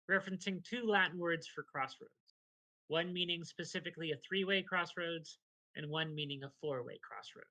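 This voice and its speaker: Bright, high-voiced man reading dry trivia. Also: moderate pace, poor audio. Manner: dry, reads punctuation aloud. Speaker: podcast host.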